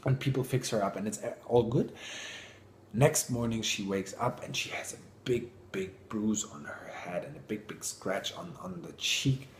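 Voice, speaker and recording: A man giving an informal motivational talk in an animated way, sometimes dropping to a whisper. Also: lowish voice, moderate pace, slight background noise. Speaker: speaker. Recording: roomy echo.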